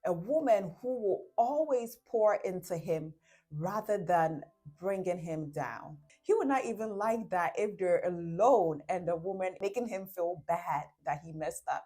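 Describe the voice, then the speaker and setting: A woman's voice: lowish voice, lively intonation, unhurried, darkish tone, soft background music. A woman giving relationship advice to camera in a casual talk. She explains with everyday examples, acts out little quotes, and often checks in with "right?".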